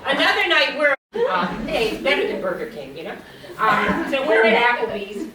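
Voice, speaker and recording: Animated older woman telling stand-up stories. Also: on the high side, moderate pace, a loud crowd. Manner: storytelling, acts out dialogue, laughs at her own jokes. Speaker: stand-up comedian. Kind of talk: stand-up comedy set. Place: small comedy stage. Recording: roomy sound from a distance.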